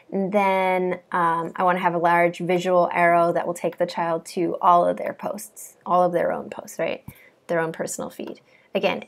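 A woman, a coding bootcamp student, chatting casually and giggling as she walks through her project. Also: lowish voice. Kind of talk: casual screen-share walkthrough.

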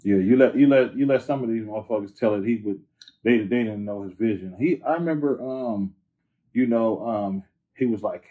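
A man from Northern California chatting as an interview guest, slangy and animated, repeating phrases for emphasis. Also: fairly low pitch, moderate pace. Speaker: rapper guest. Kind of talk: casual interview chat. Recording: tinny phone-like line.

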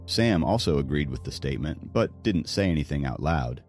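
Deep, expressive male audiobook narrator. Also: normal speed, few pauses, soft background music. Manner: expressive storytelling. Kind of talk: scripted narration.

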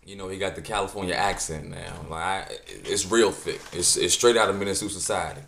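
A man giving animated, incredulous reaction commentary in a joking tone. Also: deep voice, fairly quick, vocal fry, reverberant, a little hiss or hum. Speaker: vlogger.

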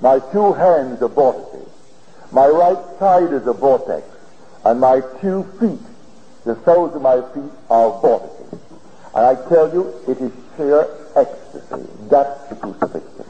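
A man giving a spiritual lecture, telling his story in an earnest, deliberate way, heard on an old archival tape. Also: medium pitch, animated. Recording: old archival lecture tape, dull and hissy, in a reverberant hall.

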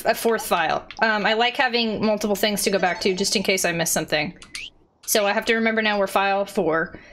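A woman giving casual let's-play commentary, chatty and excitable, reading game text aloud. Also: mid-range voice, a little hiss or hum.

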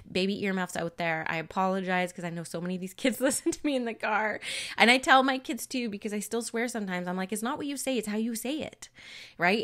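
A woman's voice: mid-range voice, fairly bright tone. A woman medium giving an earnest, emphatic spiritual teaching in a conversational way, sometimes swearing for emphasis. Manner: casual, occasional swearing for emphasis.

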